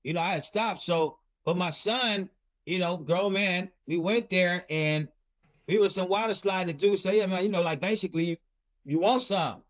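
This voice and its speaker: A middle-aged man tells a story in loose, rambling talk, circling back with "you know" and restarts. His voice sits high for a man. The recording is dull and lo-fi. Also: moderate pace. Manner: rambling, repeats words and fillers like "you know". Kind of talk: casual storytelling.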